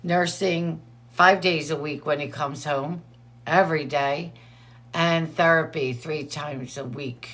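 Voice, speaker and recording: A woman's voice: low-pitched, fairly even intonation, takes it slowly, fairly bright tone. A woman hosting a casual livestream, chatting and greeting viewers by name while sharing updates, her eyes teary from allergies. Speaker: livestream host.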